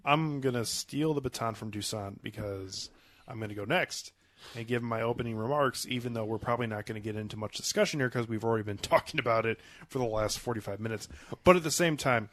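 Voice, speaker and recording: A man's voice: mid-range voice, a bit bright. A man hosting a casual film review podcast, rambling and hedging with many fillers, with a cold and the odd cough. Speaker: podcast host.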